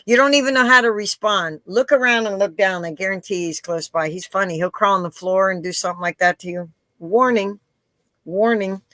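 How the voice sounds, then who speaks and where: A woman hosting a live interview, telling stories in an animated way and acting out the voices of the people in them. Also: medium pitch, fast, few pauses, no echo. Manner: animated storyteller, acts out quoted voices. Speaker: interview host. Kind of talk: casual live interview chat.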